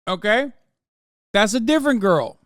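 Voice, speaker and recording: A man's voice: high-pitched, expressive, normal speed, noisy background. A man in his thirties hosting a live stream, reacting to a video and ranting to his chat in heated, profane outbursts. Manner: talks straight to his chat. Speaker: livestream host.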